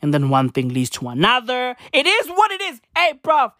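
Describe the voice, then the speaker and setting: A man's voice: extremely high pitch, wildly swooping pitch, moderate pace, bright, forceful tone, dry recording, studio quality. A man doing a profane comic rant, rambling and repetitive, mock-swaggering and constantly calling the listener bruv. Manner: rambling, repetitive, keeps saying bruv and right; swears heavily, mock-swaggering.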